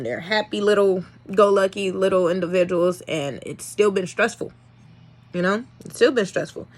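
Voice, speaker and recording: A young woman breeder telling a casual vlog story in an animated, exasperated way, swinging between loud and soft. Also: mid-range voice. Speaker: dog breeder.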